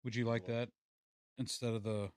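A man's voice: medium pitch, little pitch movement, normal speed, darkish tone, no echo, clean studio sound. A man hosting a casual podcast chat, laid-back and swearing freely. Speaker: podcast host. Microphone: studio mic.

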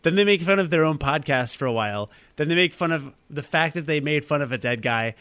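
A man's voice: fairly high pitch, animated, a little fast, a bit bright, no echo. A young man hosting a podcast in casual chat, talkative and self-deprecating, laughing often. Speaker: podcast host.

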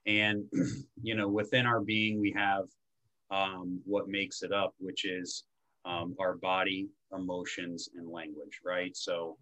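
A man from Florida, a men's coach, talking in an energetic, slangy way with casual swearing in a relaxed podcast chat. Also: sits low, slow pace, poor audio. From Tampa, Florida.

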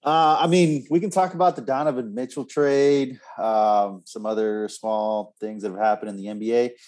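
A man's voice: mid-range voice, steady tone, moderate pace, darkish tone. A man co-hosting a podcast in casual banter, dry, laid-back and teasing. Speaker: podcast co-host.

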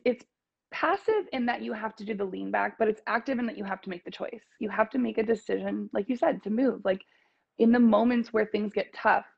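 Woman co-host, heavy vocal fry, husky tone, dull lo-fi recording, reflective and encouraging. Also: mid-range voice. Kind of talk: casual chat.

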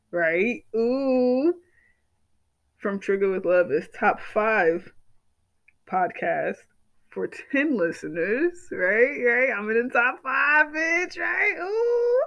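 High-voiced excitable man hosting a podcast. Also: poor audio. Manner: excitable, gushing, repeats himself, swears. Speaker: podcast host. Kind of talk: casual solo podcast chat.

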